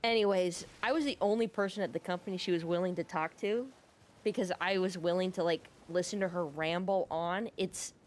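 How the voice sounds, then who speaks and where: A woman who makes gaming videos tells a long story over gameplay, wandering off topic as she goes. Her voice is lowish and darkish, and she talks fairly quickly in a casual, sarcastic, rambling way, swearing plenty.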